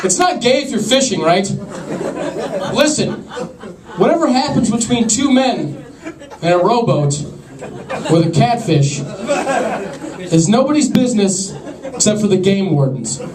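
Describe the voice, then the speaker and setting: A young man with a fairly high voice delivers a stand-up set in a deadpan, awkward, self-deprecating way. He is recorded from far off in an echoey club, with a loud, laughing crowd and heavy background noise. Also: measured pace, pauses often. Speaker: stand-up comedian.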